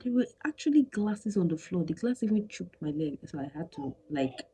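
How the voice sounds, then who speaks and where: A woman's voice: deep voice, normal speed, warm tone, breathy edge, low-quality recording. A woman, telling a personal story animatedly and slipping into whispers for emphasis. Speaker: vlogger.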